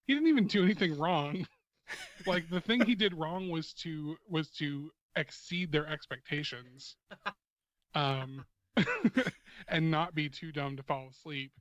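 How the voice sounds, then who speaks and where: A man who is a guest on a podcast, talking in a halting way with many restarts, amused by the show he discusses. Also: fairly high pitch, fairly bright tone, dry recording, lo-fi sound. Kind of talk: casual podcast chat.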